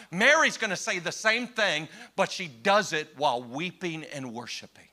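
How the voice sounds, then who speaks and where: A man preaching a sermon to his congregation, swinging between hushed, slow lines and impassioned cries. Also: a little high, expressive.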